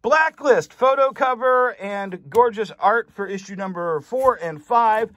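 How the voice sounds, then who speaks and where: A man's voice: high-pitched, unhurried, a bit bright, dry recording, studio quality. A man hosting a casual rundown of a comic shop's recent sales, chatting through items and prices and tripping over some names. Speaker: comic shop host reviewing sales. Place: comic and collectibles shop.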